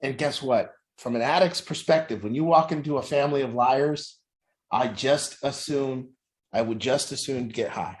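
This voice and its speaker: A man of medium pitch and moderate pace coaches people in addiction recovery. In a blunt motivational talk about truth within families, he comes across as intense and preachy and swears a lot.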